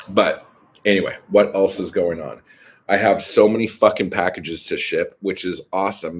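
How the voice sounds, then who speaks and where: Slow, low-voiced man rambling casually. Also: slightly rough. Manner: profane, rambling, filler-heavy. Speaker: live stream host.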